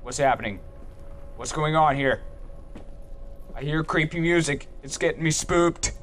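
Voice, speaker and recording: A man's voice: fairly high pitch, measured pace, fairly bright tone, a little hiss or hum. A young man doing let's play commentary, goofy and joking, swearing as he plays. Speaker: gaming youtuber.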